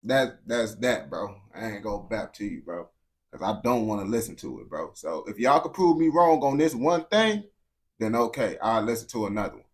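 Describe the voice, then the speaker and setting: The young American man addresses his stream chat in an off-the-cuff rant, blunt and full of slang, restarting sentences and repeating words often. His fairly low voice swings widely in pitch at a normal speed.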